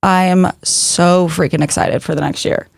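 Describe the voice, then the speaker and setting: A woman in her early thirties co-hosting a podcast, chatting casually and telling animated stories full of fillers. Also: lowish voice, normal speed, vocal fry, no echo. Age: early 30s. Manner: animated storytelling, acts out family dialogue, many fillers. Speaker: podcast co-host. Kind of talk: casual chat.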